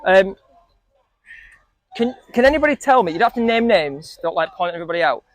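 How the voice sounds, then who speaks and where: A man's voice: sits high, lively intonation, brisk, dry recording. A man coaching a group of young football players, asking them questions and joking with them. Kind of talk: coaching talk to a group of kids.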